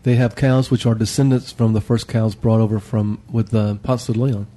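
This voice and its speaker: A man chatting as a guest on a podcast roundtable, telling a relaxed, rambling story about a day out. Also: fairly low pitch, normal speed. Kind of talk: casual roundtable chat.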